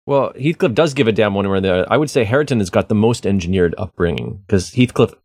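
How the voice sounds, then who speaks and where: Man with a lively, dry-sounding voice. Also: lowish voice, fast, slightly rough, dry recording. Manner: casual and frank in discussion. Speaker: discussion participant. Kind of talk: literature discussion and reading aloud.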